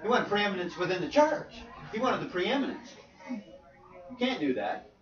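Very animated and high-voiced, a preacher runs an interactive Bible lesson in a church meeting room at a normal pace while a crowd murmurs behind him. He keeps asking questions and repeating key points, and the recording sounds dull, roomy and far off.

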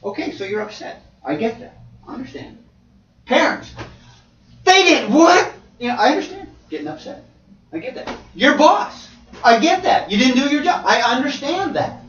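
A male preacher giving an animated sermon, with sudden loud exclamations. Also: very high-pitched, moderate pace, slight background noise. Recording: roomy, distant, slightly dull.

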